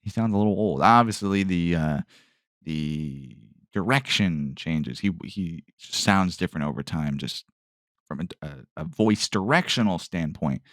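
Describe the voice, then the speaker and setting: A low-voiced man hosting his own podcast, talking loosely and wandering from thought to thought. His pitch swings a lot as he goes, from dry sarcasm to musing questions. The sound is close and dry, with no room around it. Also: animated, a little slow, no echo. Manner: rambling, trails off with "I don't know", asks himself questions; jokey, sarcastic asides. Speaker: podcast host. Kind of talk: solo casual podcast rambling.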